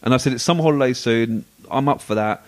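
A man with a chatty, laughing manner, telling stories as a podcast co-host. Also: mid-range voice. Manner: chatty storytelling, quick and laughing. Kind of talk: casual chat.

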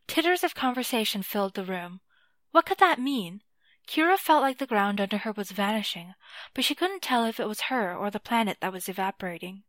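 A woman's voice: mid-range voice, animated, fairly quick, a bit bright, dry recording. Woman reading a story, dry close sound. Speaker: narrator. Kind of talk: scripted narration of fiction.

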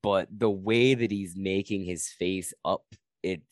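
A man with a very deep voice chatting on a podcast and telling stories in an easygoing, rambling way. He swears freely. The sound is dry and close to the mic. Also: fairly even intonation, unhurried, no room sound. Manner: laid-back storytelling, swears freely. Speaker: comedian guest. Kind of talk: casual podcast chat. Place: lives in Toronto.

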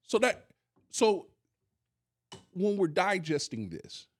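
Emphatic pastor hosting a faith talk. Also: male voice, high-pitched, big pitch swings, slow pace, slightly rough. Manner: emphatic, repeats key lines for emphasis. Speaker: pastor and podcast host. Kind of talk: casual faith discussion.

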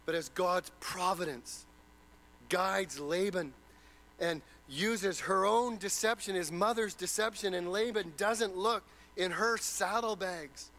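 A man's voice: sits high, slow pace, pushed and bright, rough recording. A man preaching a sermon, retelling a story dramatically and posing rhetorical questions.

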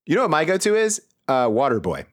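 A man's voice: a little high, huge pitch swings, fast. Crude, riffing man in podcast banter. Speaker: comedy podcast co-host. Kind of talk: casual comedic banter.

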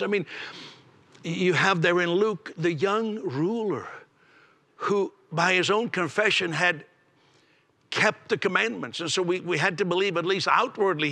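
A man's voice: high voice, pushed and bright. A man preaching a sermon emphatically, with frequent stammered restarts and dramatic drops to a near whisper.

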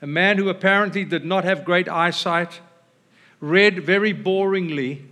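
A man's voice: sits high, a little slow, bright, forceful tone. A male preacher teaching a congregation in a conversational, explanatory manner. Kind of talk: sermon. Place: church before a congregation.

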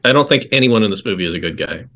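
A man's voice: fairly low pitch, expressive, rapid-fire, a bit bright. A man guest hosting a podcast chat who adds dry, wry remarks. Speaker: guest host. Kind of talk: casual chat.

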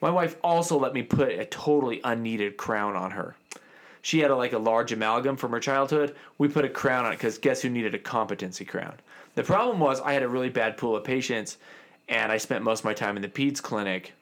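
A man in his thirties, a dentist, telling a story in a casual, animated way and acting out the other people in it. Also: mid-range voice, brisk.

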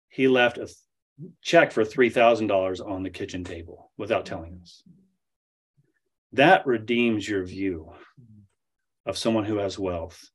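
A man giving a talk, telling an anecdote and acting out the dialogue. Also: on the low side. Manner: animated storyteller acting out dialogue. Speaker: speaker at a study center. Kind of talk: storytelling talk with Q&A.

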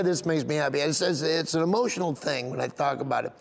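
A man's voice: a little high, fast talker, gravelly, long reverb tail. A man, a comedian, telling a rambling, emotional story in an interview, often near tears and laughing. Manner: rambling, tearful and laughing as he recalls.

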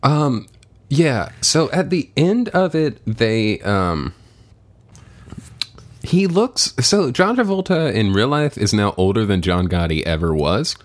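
A man co-hosting a podcast in casual chat, animated and swearing freely, often laughing. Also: mid-range voice, slow. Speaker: podcast co-host.

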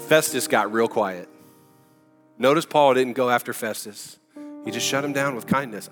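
A man preaching a sermon in an energetic, emphatic, conversational way. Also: medium pitch, moderate pace, big-room sound, soft background music. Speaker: pastor.

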